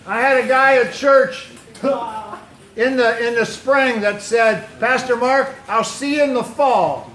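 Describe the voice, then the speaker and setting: A pastor with a high, light, fairly bright voice talks to a youth football team at a measured pace, quizzing the young listeners and repeating their answers back. He sounds like he's in a big echoey room.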